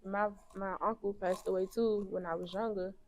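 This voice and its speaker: A young woman speaking as an interview guest, halting and emotional as she talks about a painful loss. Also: medium pitch, fairly even intonation. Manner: soft-spoken, halting, grieving. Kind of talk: emotional personal conversation.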